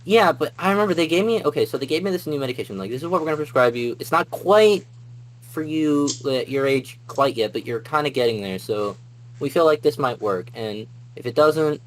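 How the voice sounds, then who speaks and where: A man's voice: on the high side, expressive, fairly quick, rough recording. A young man, a podcast guest, telling a long personal story in a rambling way, full of fillers and restarts. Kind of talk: casual storytelling.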